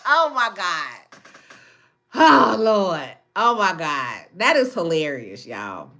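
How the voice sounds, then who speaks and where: Woman hosting a phone livestream; casual and full of laughter, bright and lively. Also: low voice, measured pace. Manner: laughing often, exclaiming. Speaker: livestream host. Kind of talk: casual livestream chat with viewers. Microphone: phone camera.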